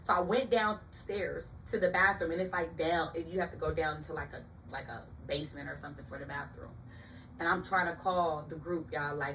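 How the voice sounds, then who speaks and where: A woman telling a personal story in an emphatic, animated way, talking straight to her listeners. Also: sits low, fast, far from the mic, a little hiss or hum, poor audio.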